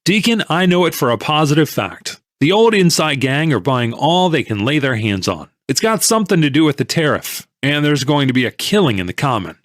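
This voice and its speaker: An excited male tipster pushes his hot information in an audiobook, as a man reads him. The voice sits higher than the narration and swings lively and insistent. The sound is dry and close. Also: brisk, hardly any pauses, dry recording. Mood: eager, insistent. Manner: insistent, eager, raised voice. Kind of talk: audiobook character reading.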